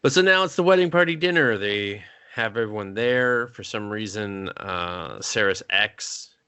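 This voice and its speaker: A man's voice: fairly low pitch, animated, bright, forceful tone, clear, resonant tone, no room sound. A man co-hosting a casual movie review chat, rambling and swearing as he recaps scenes. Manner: rambling, profane, doing quick impressions. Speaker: podcast co-host, movie reviewer.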